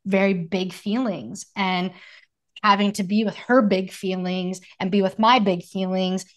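A woman's voice: medium pitch, fairly even intonation, a little slow. Thirties woman, podcast co-host, earnest and reflective, talks in long flowing thoughts. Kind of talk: casual conversation.

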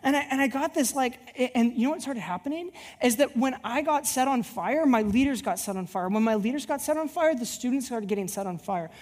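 A woman's voice: on the high side, fairly quick, hardly any pauses. A woman youth pastor giving a sermon, telling personal stories and acting out the dialogue. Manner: animated storyteller who acts out dialogue.

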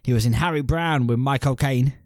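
A man's voice: medium pitch, brisk, no echo, studio quality. Jokey man co-hosting a podcast. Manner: jokey, crude banter with rambling asides. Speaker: podcast co-host. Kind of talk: casual film review chat.

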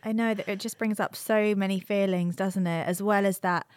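A woman's voice: medium pitch, steady tone, normal speed, a little mellow, clean tone, dry recording, clean studio sound. A woman with a London accent co-hosting a podcast, chatting casually and responding supportively with laughs. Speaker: podcast co-host. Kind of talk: casual chat.

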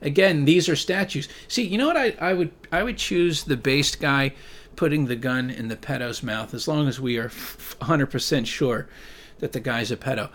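A man talking casually to his viewers, reading their messages aloud and rambling, with frequent swearing and sudden loud rants. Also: medium pitch, moderate pace. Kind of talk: casual profane monologue.

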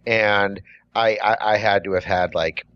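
A man's voice: lowish voice, measured pace. Rambling man telling a story, dull sound. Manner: rambling, full of "like" and restarts, animated. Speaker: podcast co-host and coffee shop worker. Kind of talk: casual storytelling chat.

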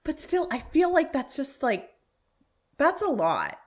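A woman's voice: high voice, unhurried. Chatty young woman reviewing a film. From North America. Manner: animated, chatty, lots of "like" fillers. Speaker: podcast co-host. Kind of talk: casual chat.

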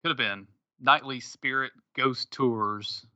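Bright-toned rambling podcast co-host man. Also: medium pitch, slow pace, dry recording. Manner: rambling, laughs often, many fillers. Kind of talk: casual chat. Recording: slightly dull lo-fi sound.

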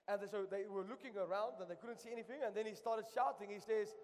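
A man's voice: high-pitched, fast talker, hardly any pauses, a little mellow, in a large hall, slight background noise. A man preaching a sermon in a church, impassioned and repeating phrases for emphasis. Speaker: pastor. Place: church sanctuary.

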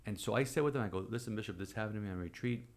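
A priest in his forties with a fairly low voice tells a personal story, animated and acting out the people he quotes. He rises sharply in pitch and volume when he plays other speakers. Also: rapid-fire. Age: 40s. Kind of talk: storytelling in conversation.

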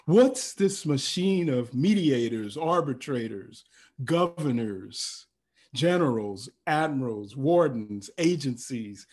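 A man's voice: mid-range voice, animated, takes it slowly, darkish tone, slightly rough. A man performing his own spoken word poem over a video call, with rhythmic, chanted repetitions and rising cries. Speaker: performance poet. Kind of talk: spoken word poetry reading.

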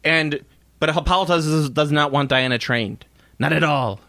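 A man's voice: a little high, moderate pace, bright, forceful tone, no echo. A man co-hosting a casual movie podcast, joking and rambling with frequent laughter. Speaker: podcast co-host. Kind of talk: casual movie-discussion chat.

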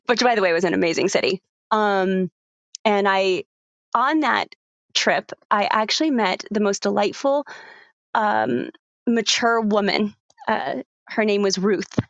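A woman's voice: mid-range voice, vocal fry, dry recording. Earnest woman, dry dull sound. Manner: earnest, many fillers and restarts. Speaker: guest, parenting coach. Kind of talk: conversational storytelling interview.

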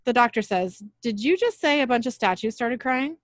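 A woman's voice: on the high side, expressive, normal speed, no room sound. Dry-voiced woman recapping a show. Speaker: podcast co-host recapping an episode. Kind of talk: casual recap, reading scene dialogue aloud.

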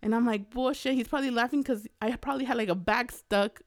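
High-voiced woman telling a lively story. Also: quick pace, dry recording, studio quality. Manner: animated, acts out quoted voices with big pitch jumps. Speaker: podcast co-host. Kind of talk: casual storytelling chat.

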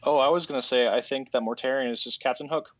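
A man's voice: medium pitch, fairly even intonation, fast talker, dry recording, muffled recording. A man hosting a casual podcast who rambles through a story recap in a sarcastic, mock-casual way. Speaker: podcast host.

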